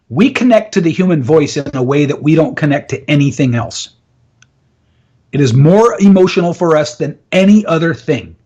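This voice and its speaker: Male voice coach, interview guest, upbeat and laugh-prone, voice sits a touch high. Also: darkish tone, slightly rough, lo-fi sound. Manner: enthusiastic, laughs often, demonstrates with his voice. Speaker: voice and communication coach. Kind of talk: interview, explaining techniques.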